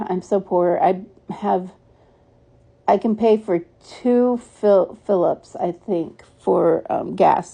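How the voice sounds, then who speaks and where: A woman's voice: medium pitch, creaky, mellow, slightly rough. A woman vlogging in a rambling, candid, frazzled way, swearing freely as she talks. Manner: weary, frazzled. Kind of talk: casual vlog monologue.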